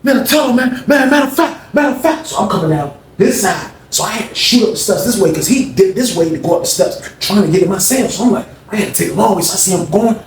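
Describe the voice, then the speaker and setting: A man animatedly telling a story, acting out other people's voices in loud, high bursts. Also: expressive, quick pace, few pauses. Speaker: storyteller recounting jail events. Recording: echoey room with faint background noise.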